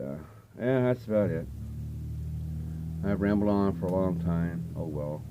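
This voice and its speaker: Lo-fi sound with slight background noise carries a low-pitched, mellow older male voice. He's a vinyl collecting vlogger casually showing off records, rambling loosely with lots of fillers.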